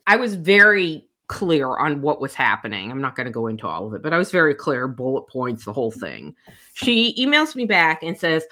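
An older woman tells her week's stories in a casual chat. Her voice swings widely in pitch as she acts out what others said. It sounds bright and a little low, and she talks bluntly, with swearing. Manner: animated, acts out quoted people with big pitch jumps, blunt and profane. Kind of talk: casual chat, telling anecdotes.

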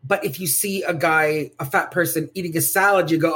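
Animated woman comedian, wildly varied pitch. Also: fairly quick, husky. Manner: animated, acts out other people's voices. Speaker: stand-up comedian guest. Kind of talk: casual podcast chat.

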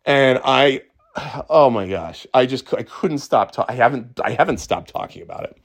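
A middle-aged man talking casually as a podcast host, excitable and stumbling over restarts, swearing freely. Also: mid-range voice, moderate pace. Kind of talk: casual monologue.

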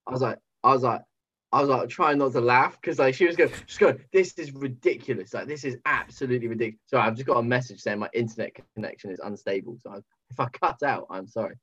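A British man chatting casually as a podcast guest, joking and animated, over a remote call. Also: medium pitch, quick pace, slightly rough, dull audio. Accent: British English. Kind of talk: casual chat.

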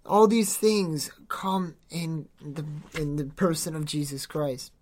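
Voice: medium pitch, slow pace, a little mellow. A podcast host preaching informally in an earnest, exhorting way, rambling with many restarts and self-corrections. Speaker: podcast host giving a devotional.

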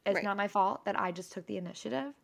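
Gravelly young woman telling a story. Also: mid-range voice, fast talker. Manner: chatty, swearing freely, animated storytelling. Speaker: podcast co-host. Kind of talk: casual chat.

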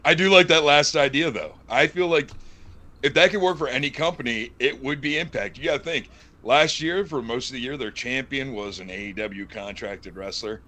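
Animated jokey man on a wrestling podcast. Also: mid-range voice, normal speed. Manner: animated, jokey, rambling asides. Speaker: podcast co-host. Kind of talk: casual wrestling chat.

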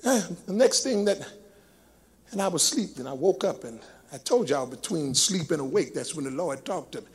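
A man preaching a sermon to a congregation at a church service. He moves between hushed talk and sung, shouted peaks in a rhythmic preaching cadence. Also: a little high, animated, moderate pace, breathy edge. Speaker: pastor.

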